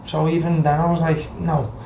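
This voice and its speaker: This young ex-footballer's voice is fairly high, level, gravelly and mellow, moving at a moderate pace, with a little hiss or hum present. He's from Liverpool, has a Scouse accent, and tells casual stories on a podcast, swearing freely and acting out quotes. The space sounds roomy, with faint background ambience.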